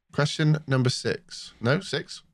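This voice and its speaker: A man's voice: mid-range voice, slow, vocal fry, dry recording. A man hosting a casual Christmas quiz among friends, teasing and laughing between questions. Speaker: quiz host.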